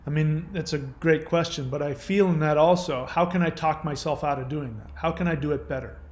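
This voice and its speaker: A man hosting his own channel, answering viewer questions in casual, gentle, reassuring advice talk. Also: on the high side, steady tone, a little fast, roomy sound.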